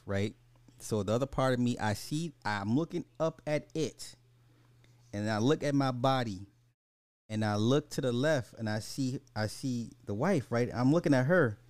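A man's voice: mid-range voice, darkish tone, dry recording. A man in his forties hosting a podcast, telling stories casually and with animation, swearing and laughing as he goes. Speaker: podcast host. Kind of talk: casual storytelling over a live game.

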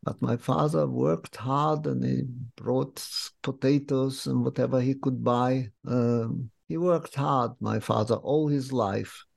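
An older man from Lithuania, recounting his memories in an interview as a vivid, unhurried storyteller. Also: medium pitch, creaky, a little mellow. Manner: vivid, unhurried storyteller with slightly non-native English phrasing. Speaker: interviewee, memoir author.

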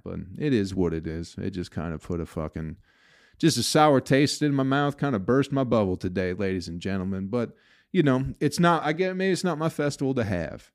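A man's voice: low-pitched, a little mellow, clear, resonant tone, dry recording, clean studio sound. A man hosting his own podcast, venting in a profane, bitter, rambling way about the comedy business. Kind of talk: casual solo podcast rant.

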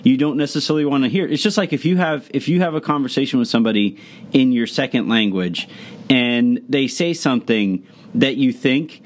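A man hosting a sports podcast, talking basketball in a relaxed, conversational way. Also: mid-range voice, brisk. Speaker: podcast host. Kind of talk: casual sports talk.

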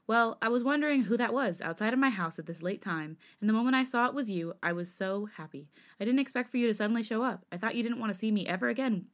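Brief: woman reading a manipulative young charmer, teasing and pitched a touch high. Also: expressive, fast talker, few pauses, close to an everyday voice. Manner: teasing, sweetly provocative.

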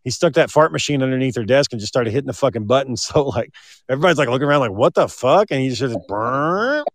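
A man's voice: medium pitch, racing, no echo, clean studio sound. A man chatting casually and swearing freely while telling crude workplace stories. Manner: profane, storytelling. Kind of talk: casual chat.

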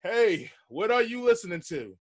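Laid-back man hosting, slightly high voice. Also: very animated, moderate pace. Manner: laid-back slangy talk, laughs often. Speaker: podcast host. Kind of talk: casual chat.

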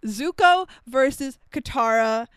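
High, smooth-voiced woman swearing freely. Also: slow pace, no echo. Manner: animated, swears constantly, laughs often. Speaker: podcast co-host. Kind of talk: casual chat recapping a cartoon.

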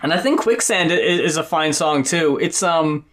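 A man with a slightly high voice talks through an album review in a loose, casual way. He swears a lot and leans on fillers like "like" and "um". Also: moderate pace, a bit bright. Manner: loose and profane, lots of fillers. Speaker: podcast co-host. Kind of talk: casual music review chat.

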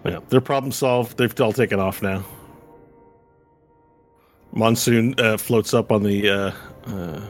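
A man's voice: lowish voice, slow pace, long pauses, soft background music. A man running a tabletop game as game master, narrating loosely with fillers. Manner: rambling with fillers and laughs.

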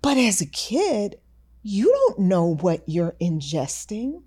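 A woman co-hosting a podcast, chatting in a playful, expressive way. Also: medium pitch, slightly rough. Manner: playful, expressive, drawn-out delivery. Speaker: podcast co-host. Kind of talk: casual chat.

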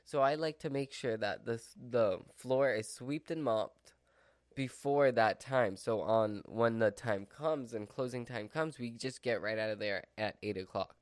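A man's voice: mid-range voice, measured pace, no echo, clean studio sound. A man vlogging from home in a rambling casual chat, full of "like" and "so" fillers. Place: at home with his dog. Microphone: mic within his dog's reach.

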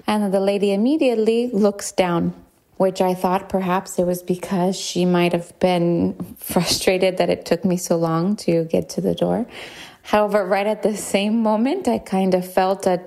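A woman's voice: mid-range voice, little pitch movement, measured pace, vocal fry, a little mellow. A new mother telling a funny story in a hesitant, amused way. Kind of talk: casual anecdote.

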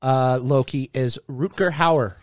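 A man's voice: mid-range voice, slow pace, dry recording, studio quality. A man co-hosting a podcast in casual banter, joking, laughing often and swearing casually. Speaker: podcast co-host.

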